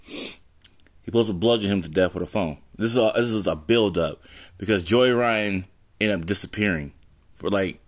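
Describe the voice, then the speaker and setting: Speaking into a phone in a room at home, a man hosts a casual solo podcast, rambling, swearing, and frequently interrupting himself. His voice is lowish and his speed normal.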